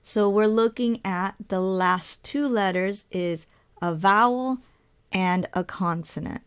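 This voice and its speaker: Woman ESL teacher, very slow measured delivery, mid pitch, step-by-step explainer. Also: clear, resonant tone. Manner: spells out letters, asks and answers her own questions.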